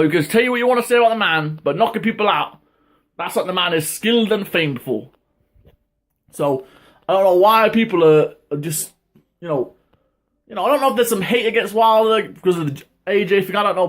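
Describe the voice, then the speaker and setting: A man hosting his own boxing talk channel, ranting in a heated, casual way, with lots of swearing and sudden high-pitched outbursts. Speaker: boxing commentary vlogger. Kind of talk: casual opinion rant.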